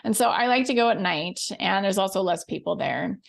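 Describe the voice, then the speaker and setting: A middle-aged woman hosts her coaching podcast and tells a personal story in a casual, lively way. Her mid-range voice carries a gravelly fry, and she laughs at herself as she goes. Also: mid-range voice, fairly quick. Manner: animated, self-deprecating, laughs often. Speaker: podcast host and life coach.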